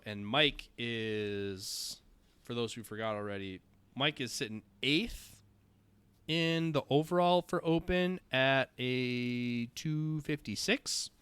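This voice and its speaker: Bright, crisp Minnesotan man chatting. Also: mid-range voice, no echo. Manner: rambling, many ums and restarts. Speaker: podcast co-host. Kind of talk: casual podcast chat. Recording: quiet, dry close-mic audio.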